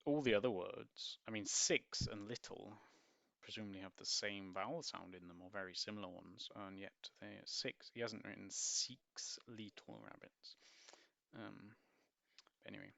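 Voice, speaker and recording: A man's voice: lowish voice, moderate pace, gravelly, sharp tone, no room sound. A man reading a picture book aloud and breaking off for wry, musing asides with hesitant ums. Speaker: book reviewer.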